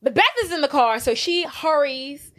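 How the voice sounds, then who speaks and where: A woman with a fairly high voice co-hosts a casual movie podcast. She retells the plot with lively energy and slips into the characters' voices as she goes. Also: moderate pace. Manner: animated, acts out characters' lines while retelling. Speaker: podcast co-host. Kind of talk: casual movie recap chat.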